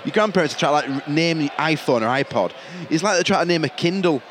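A young man, bantering jokily and excitably at a football match. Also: on the high side, fast talker. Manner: jokey, excitable, laughs often. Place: outdoor football stadium. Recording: noisy stadium crowd behind.

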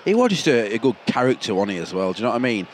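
A man co-hosting a football podcast from the stands, excitable and quick to react. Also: fairly low pitch, a little hiss or hum. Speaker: podcast co-host. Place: football stadium stands, outdoors.

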